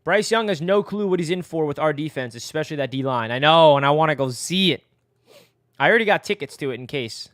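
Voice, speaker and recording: A young man from the United States hosting a casual live stream, chatty and rambling, answering viewers and now and then breaking into excited yells. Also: a little high, no echo, studio quality. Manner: excitable, rambling, bursts into yelling.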